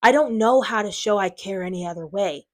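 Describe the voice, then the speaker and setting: A woman's voice: mid-range voice, a little fast. A woman talking to her viewers in an unscripted vlog, defensive and frustrated, rambling with lots of fillers. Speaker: channel owner.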